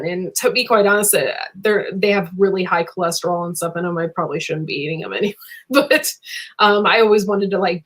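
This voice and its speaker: A woman's voice: mid-range voice, a bit bright. Young adult woman, livestream host; bubbly, rambling, giggly chat. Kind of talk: casual live chat.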